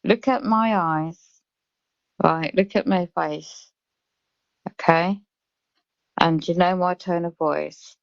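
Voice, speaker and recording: A British woman on a live stream, chatting casually and reading out chat comments in a slow, drawn-out way. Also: on the low side, steady tone, gravelly, no room sound. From Britain. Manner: reads chat comments aloud slowly. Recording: dull lo-fi live stream audio.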